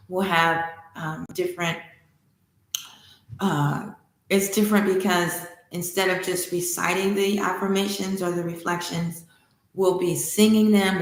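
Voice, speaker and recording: A woman hosting a spiritual livestream, teaching and telling a myth with enthusiastic, animated delivery. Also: on the low side. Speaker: spiritual study host. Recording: echoey room.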